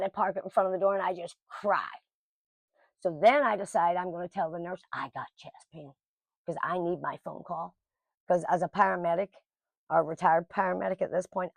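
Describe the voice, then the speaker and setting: A woman's voice: fairly low pitch, vocal fry, no room sound. A middle-aged woman telling a personal story to camera in a casual, blunt and emotional way. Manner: emotional, blunt, lively quoting of others.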